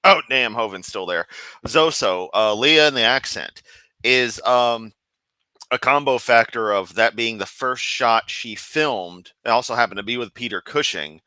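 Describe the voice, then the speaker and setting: Sarcastic man with a bright crisp voice. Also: medium pitch, unhurried, dry recording. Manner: mocking, deadpan asides. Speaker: streamer reacting to a video. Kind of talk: sarcastic comedic commentary.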